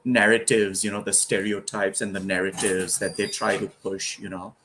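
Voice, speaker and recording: A man's voice: fairly low pitch, little pitch movement, normal speed, a bit bright, a little hiss or hum, poor audio. A man from India with an Indian accent, hosting a casual talk, laughing easily and using lots of "you know". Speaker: host. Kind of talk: casual conversation.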